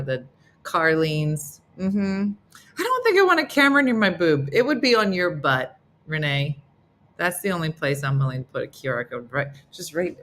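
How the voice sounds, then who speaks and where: A woman's voice: a bit bright, slight background noise. A middle-aged woman hosting a casual live morning chat, playful and teasing as she talks to her viewers. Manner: playful, teasing, bursts into high silly voices for others. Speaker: live show host.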